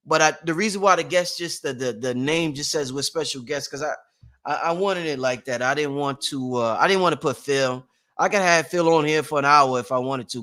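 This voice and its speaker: A man hosting a casual motivational livestream, rambling and repetitive, with slang and shout-outs to his viewers. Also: fairly high pitch. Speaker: livestream host.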